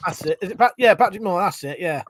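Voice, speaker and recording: A man's voice: high voice, lively intonation, fast talker, fairly bright tone, slight background noise. A man hosting a live stream, chatting loosely, swearing casually and reading out chat messages from home. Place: home room.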